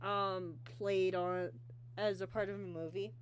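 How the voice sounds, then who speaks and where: A woman hosting a casual online interview, talking haltingly with many ums and restarts. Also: medium pitch, fairly even intonation, a little hiss or hum. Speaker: interview host.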